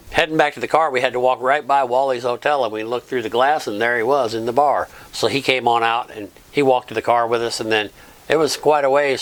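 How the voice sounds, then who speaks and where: A man's voice: mid-range voice, fairly bright tone. Middle-aged male vlogger, casual earnest recap, mid-range voice. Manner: plain, earnest recap with thanks to friends. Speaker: vlog host. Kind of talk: casual travel vlog narration.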